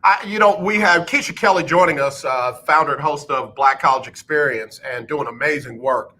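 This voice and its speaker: Excitable man hosting a radio talk show. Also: a little high, moderate pace, slight background noise. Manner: animated, emphatic, gets loud when excited. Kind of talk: casual radio chat.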